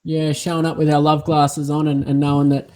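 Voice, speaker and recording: A man's voice: fairly high pitch, little pitch movement, a little fast, darkish tone. A man hosting a podcast who asks earnest, reflective questions that ramble a little. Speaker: podcast host.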